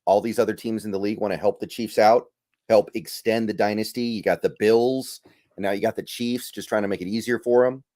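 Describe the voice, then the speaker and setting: A man's voice: lowish voice, fairly even intonation, a little fast, warm tone, dry recording, studio quality. A man hosting a casual podcast, easygoing and thinking aloud with trailing fillers as he runs through picks. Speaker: podcast host.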